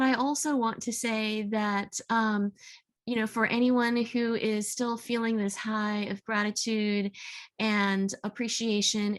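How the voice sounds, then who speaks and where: A woman giving closing thanks to an online workshop over a video call, pausing often to find her words. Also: mid-range voice. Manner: warm thanks with frequent hesitations. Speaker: workshop presenter.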